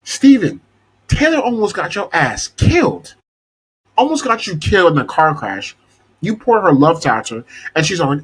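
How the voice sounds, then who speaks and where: A young man hosts a podcast in an exasperated, casual rant, swearing freely. His voice is husky and sits a bit high, with wildly lively pitch swings. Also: normal speed, low-quality recording. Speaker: podcast host. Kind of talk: casual rant about a TV show.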